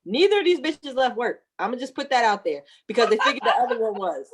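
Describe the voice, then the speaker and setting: Talking fast in a slightly high, slightly rough voice, a woman in her thirties recounts giving birth. She laughs a lot, swears, and performs each character's lines in different voices.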